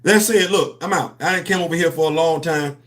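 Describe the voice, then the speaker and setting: A man's voice: a little high, a little fast. Guy, ranting to his chat on a comics livestream. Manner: animated, preachy, slangy, addresses chat directly. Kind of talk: casual livestream commentary.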